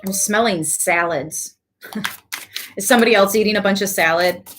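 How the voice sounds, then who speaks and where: A woman talks through a tarot reading in a relaxed, chatty way. She laughs easily and drifts into lively asides. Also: mid-range voice, normal speed, slight background noise. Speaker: tarot reader. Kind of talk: casual tarot reading to camera.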